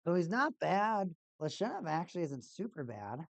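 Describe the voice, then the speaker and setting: A woman's voice: fairly low pitch, big pitch swings, normal speed, vocal fry, no room sound. A woman streamer giving casual play-by-play and exasperated fan commentary on a hockey game.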